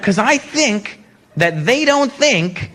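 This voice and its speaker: A man from Canada doing stand-up with a high, lively voice, telling animated stories. A loud crowd and heavy noise fill the live recording. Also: slow pace. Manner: animated storytelling, profane, voices quotes. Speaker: stand-up comedian. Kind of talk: stand-up comedy. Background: laughing crowd.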